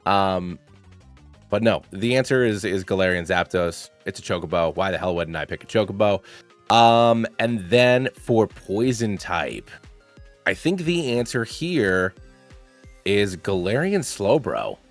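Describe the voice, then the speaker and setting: A man's voice: lowish voice, big pitch swings, unhurried, soft background music. A young man hosting a channel, talking through his picks in a rambling, playful way, with lots of fillers. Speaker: channel host. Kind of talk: casual gaming commentary.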